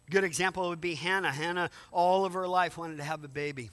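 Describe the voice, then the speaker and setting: A man's voice: high-pitched, steady tone, brisk, few pauses, fairly bright tone. A man preaching a sermon in a conversational way, often repeating words and asking rhetorical questions. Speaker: pastor.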